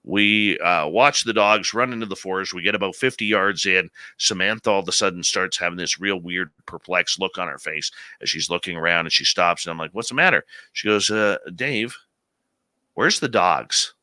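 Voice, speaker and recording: A man in his late forties hosting a live radio show, telling a story in an animated, conversational way. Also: low voice, brisk, hardly any pauses, clear, resonant tone, no echo. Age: late 40s.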